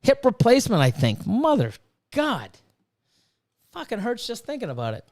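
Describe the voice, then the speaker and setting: A man's voice: very high-pitched, wildly swooping pitch, normal speed, a little mellow. A man in his fifties ranting casually on a livestream, swearing freely and reading viewers' chat aloud. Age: 50s. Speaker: livestream host and snake breeder.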